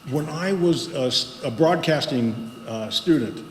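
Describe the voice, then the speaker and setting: A man leads a congregation through a voice exercise at an unhurried pace, leaving pauses between his instructions. His mid-range voice rings through a roomy hall with a long reverb tail, and steady background noise sits under it. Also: fairly high pitch. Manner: slow, guiding instructions with pauses. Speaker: guest speaker leading a voice exercise. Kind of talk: speaking to a congregation. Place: spiritual center meeting hall.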